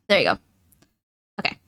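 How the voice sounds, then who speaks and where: A woman hosting a livestream, talking casually with her viewers in a rapid-fire, rambling, playful and teasing way. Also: a little high, slightly rough. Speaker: livestream host.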